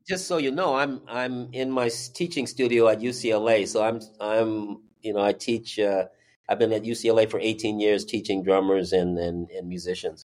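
A man's voice: fairly low pitch, fairly even intonation, moderate pace, darkish tone. A man, a drummer and music teacher, telling a story as an interview guest and acting out the voices he quotes.

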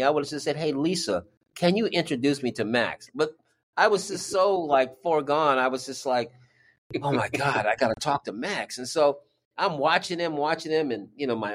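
A man's voice: a little high, lively intonation, normal speed. A man, a drummer and music teacher, telling a story as an interview guest and acting out the voices he quotes.

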